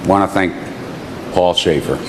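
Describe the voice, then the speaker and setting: A man giving a dry, sardonic reply to his roasters, halting over his words. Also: low voice. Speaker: guest of honor at a roast. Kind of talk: roast response speech. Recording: noisy room with a loud crowd.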